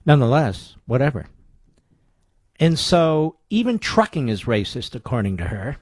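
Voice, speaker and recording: A man's voice: medium pitch, very animated, moderate pace, a little mellow, dry recording, clean studio sound. A man hosting a talk radio show, ranting sarcastically through rhetorical questions in an indignant monologue.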